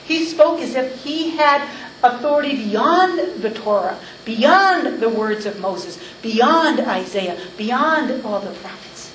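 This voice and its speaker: A woman leads a verse-by-verse Bible teaching, leaning on key phrases and stretching them out for emphasis. Her voice sits somewhat high, and she sounds a little off-mic in an echoey room with a faint hum of ambience behind her. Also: distant mic.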